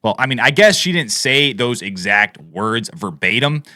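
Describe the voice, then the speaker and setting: A man's voice: mid-range voice, very animated, moderate pace, bright, forceful tone, dry recording, studio quality. A man giving casual, opinionated commentary over played video clips. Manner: opinionated, conversational, frequent fillers. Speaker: political commentator.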